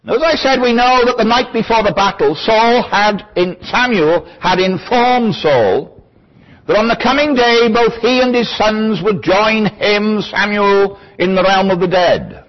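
A man's voice: sits high, lively intonation, a little slow. A man giving a thoughtful, digressive Bible teaching, lecturing verse by verse with small asides. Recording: dull lo-fi recording.

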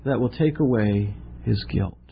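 A man preaching a sermon as an animated, self-mocking storyteller who acts out the voices in his story. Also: lowish voice, unhurried, vocal fry, highs cut off, a little hiss or hum.

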